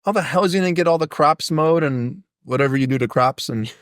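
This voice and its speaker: A man's voice: on the high side, fast talker, fairly bright tone, no room sound, clean studio sound. A man with Polish as his first language, a podcast guest talking casually, a blunt, profane, rambling storyteller.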